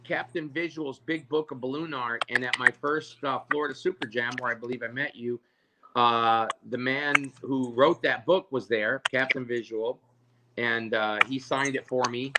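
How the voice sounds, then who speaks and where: Guest spot: lively storyteller man, mid-pitch, noisy call audio. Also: normal speed. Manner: animated, acts out quoted voices, stammers on restarts. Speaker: balloon artist guest. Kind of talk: casual storytelling on a video call.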